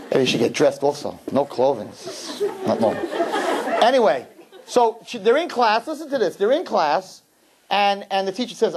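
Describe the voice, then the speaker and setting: A man delivers a sermon with a slightly husky, breathy edge. His pitch leaps up and down as he presses his points. He stumbles over repeated words, then tosses jokes to the crowd. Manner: animated, emphatic, repeats words when starting; joking asides to the audience. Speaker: rabbi giving a talk to young women.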